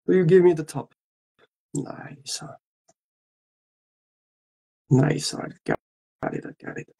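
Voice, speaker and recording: Husky, slow-talking playful man. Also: on the high side, wildly swooping pitch, mellow, poor audio. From Algeria. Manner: playful, joking, switching between languages. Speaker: voice actor at a fan autograph session. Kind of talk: casual livestream chat.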